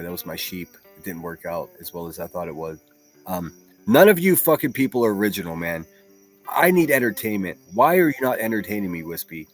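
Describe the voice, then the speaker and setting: Blunt, profane man hosting a stream. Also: fairly low pitch. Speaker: livestream commentary host. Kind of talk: casual reaction commentary.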